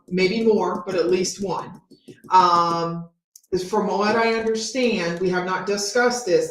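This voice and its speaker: A woman co-hosting a painting livestream, talking casually and relaxedly, reading viewer comments and often pausing with ums. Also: on the low side. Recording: echoey room with faint noise.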